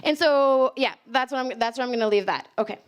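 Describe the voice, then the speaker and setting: A woman's voice: on the high side, fairly quick, clean tone. A young American woman giving a casual public talk on linguistics to a live audience, chatty and laughing often. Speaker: linguistics speaker. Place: library event space with live audience.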